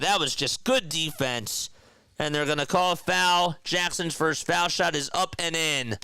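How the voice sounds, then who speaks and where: A man's voice: fairly high pitch, sharp tone, smooth, no room sound. A man doing a homemade play-by-play call of a basketball game as a partisan fan, frustrated and exasperated with his team, recorded at home on a streaming mic. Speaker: amateur play-by-play caller. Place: home room.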